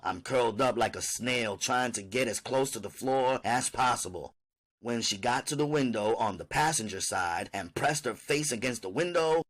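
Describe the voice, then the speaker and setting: Man reading an audiobook with lively pitch. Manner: first-person narration, animated. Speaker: audiobook narrator.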